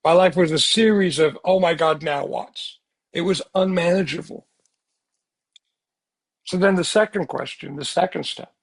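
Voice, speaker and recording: A man giving an earnest, animated recovery talk full of rhetorical questions. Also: fairly high pitch, moderate pace, gravelly, pauses often, husky. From United States. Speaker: speaker sharing recovery story.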